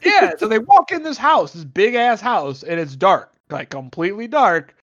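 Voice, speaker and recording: A man's voice: high voice, sing-song, normal speed, a bit bright. A man retelling a movie plot in a casual, rambling, profane way, joking as he goes. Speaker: podcast co-host. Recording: dull lo-fi sound.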